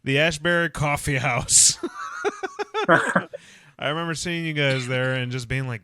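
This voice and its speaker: A man hosting a podcast in casual chat, relaxed and joking, often trailing off mid-thought. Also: mid-range voice, unhurried, smooth, no echo. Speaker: podcast host.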